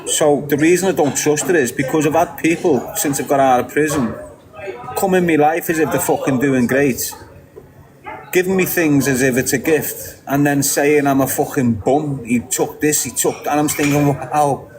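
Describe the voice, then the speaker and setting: Answering questions from his viewers, a middle-aged man with a Liverpool accent talks frankly and swears without restraint. His fairly high voice moves at normal speed, but the audio is poor and a crowd can be heard behind him.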